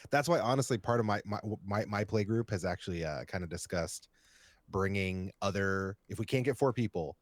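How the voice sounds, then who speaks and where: A man's voice: on the low side, normal speed, dry recording. A man in his thirties co-hosting a podcast, easygoing and rambling, with lots of "like" and "you know". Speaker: podcast co-host. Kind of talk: casual chat.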